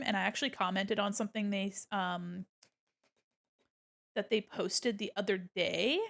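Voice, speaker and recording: A woman's voice: a little high, vocal fry, fairly bright tone. A woman streamer chatting casually with her viewers while she draws, giggling often and swearing now and then. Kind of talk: casual livestream chat while drawing.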